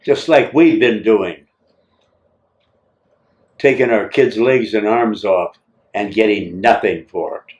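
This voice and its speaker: An older man, a war veteran, telling his story in an oral history interview with a teasing, lively manner. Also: on the low side, takes it slowly, pauses often, highs cut off. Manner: lively, acts out scenes, teasing.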